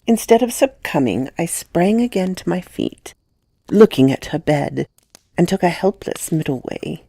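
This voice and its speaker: A woman narrating a classic ghost story in a measured, expressive reading with hushed passages. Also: on the low side, no echo.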